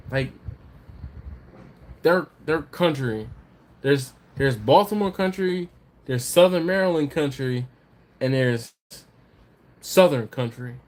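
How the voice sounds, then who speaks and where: Animated yet slow, with frequent pauses, a mid-range male voice hosts a casual live stream. He reads viewer comments aloud, rambling and chatting, often laughing and saying things twice.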